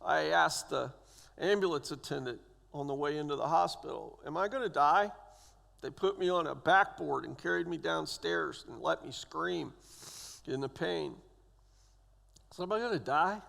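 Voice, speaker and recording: A man's voice: on the high side, normal speed, vocal fry, fairly bright tone. A man in his sixties, a church elder, giving a personal testimony in a church, acting out the voices of the people in his story. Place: church sanctuary. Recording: long church hall reverb.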